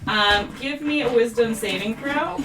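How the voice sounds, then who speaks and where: A woman's voice: fairly high pitch, a little slow. A woman running a tabletop game as game master on a live stream, narrating in a rambling style full of fillers. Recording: roomy echo, mic at a distance, music behind.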